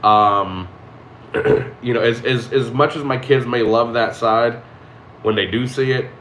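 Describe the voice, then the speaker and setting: A man in his thirties speaks candidly in a loose, rambling monologue, restarting sentences and cursing freely. His mid-pitched voice bounces around an echoey room, with a faint hiss of noise underneath. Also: steady tone, a little slow, a bit bright. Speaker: streamer. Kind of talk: casual reflective monologue.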